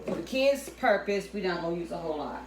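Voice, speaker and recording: A young woman talks easy and casual to her viewers as she cooks, calling them y'all and keeping her kid in line between steps. Her voice bounces around a hard, echoey kitchen. There is a clear steady noise behind her. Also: lowish voice, quick pace. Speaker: vlogger cooking with her daughter. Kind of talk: casual home cooking vlog chat. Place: home kitchen.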